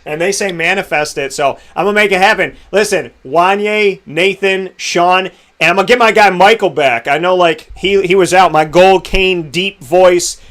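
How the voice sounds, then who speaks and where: A young man hosting a casual interview, telling stories in an animated, emotional way. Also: high-pitched, normal speed, few pauses. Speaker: podcast host.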